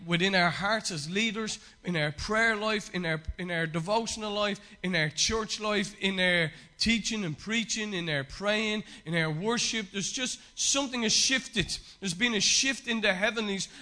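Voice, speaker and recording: A man's voice: sits high, bright, forceful tone. A man, a pastor, preaching a sermon with emphatic repetition and frequent fillers.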